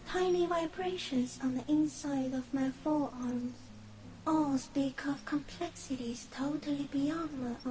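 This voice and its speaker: A woman voicing an ancient female stick-insect creature in a video game, speaking in slow, drifting, breathy phrases. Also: high-pitched, rough recording. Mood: dreamy. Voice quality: soft, drifting, often breathy. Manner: slow, otherworldly, halting phrases.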